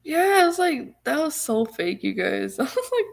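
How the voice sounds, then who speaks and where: A young woman vlogging to her viewers with a gravelly, fry-edged voice. She rambles casually, circles back with restarts and little laughs. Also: high-pitched, sing-song, moderate pace. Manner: chatty, full of "like" and restarts, laughs often.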